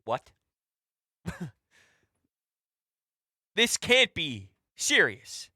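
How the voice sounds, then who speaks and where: A man hosts a sports talk show with a bright, forceful voice. His pitch jumps all over as he rants emphatically, shouting one moment and dropping to quiet asides the next. The sound is dry and close. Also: sing-song, takes it slowly, long pauses, dry recording. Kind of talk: fired-up sports radio rant.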